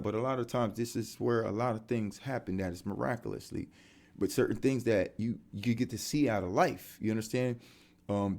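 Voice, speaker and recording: A man with a Delaware accent, telling faith testimonies in casual street slang and filling his talk with "you know what I'm saying.". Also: fairly low pitch. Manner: animated street slang, many fillers. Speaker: faith vlogger.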